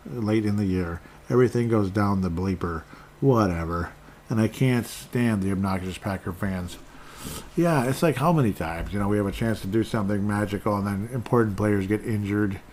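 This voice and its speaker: Casting: low-voiced male podcast host, rambling and self-deprecating, with a faint hiss behind. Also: darkish tone. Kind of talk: solo podcast chat reading fan tweets.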